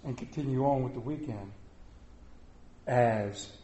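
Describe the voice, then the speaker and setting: A man preaching a sermon in a church, earnest and emphatic, slowing down to stress his words. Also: medium pitch, mellow, reverberant. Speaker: pastor. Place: church sanctuary.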